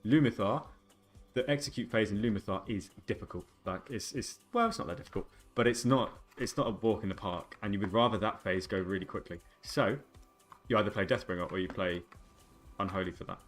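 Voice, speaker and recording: A man in his twenties with a fairly low voice talks casually to his live-stream chat. He rambles and jokes between gameplay remarks, with faint music playing behind him. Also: a little fast. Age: 20s. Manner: joking, rambling banter with chat. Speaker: game streamer.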